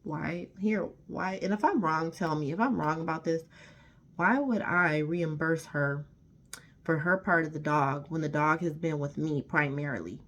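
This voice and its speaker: A woman's voice: low voice, a little slow. A woman vlogger telling a storytime rant to camera, emphatic and indignant, often repeating herself.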